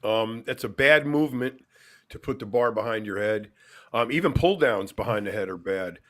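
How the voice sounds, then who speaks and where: A man co-hosting a live podcast, telling stories in an animated way and answering training questions directly. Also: fairly low pitch, normal speed. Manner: animated storyteller, repeats words. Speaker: podcast co-host. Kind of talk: casual chat, storytelling.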